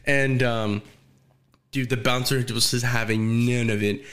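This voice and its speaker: A young man in casual chat, swearing freely and telling animated stories with high, acted quotes. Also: measured pace.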